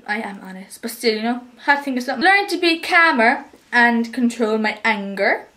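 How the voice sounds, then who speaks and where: High-voiced chatty Irish teen girl. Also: animated, brisk, sharp tone. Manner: chatty, rambling, upbeat. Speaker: vlogger. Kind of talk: casual chat to camera.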